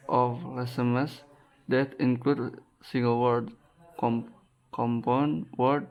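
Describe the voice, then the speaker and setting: A man with an Indonesian accent reading out a class presentation, halting and restarting words often. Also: mid-range voice. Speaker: student presenter. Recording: dull lo-fi recording.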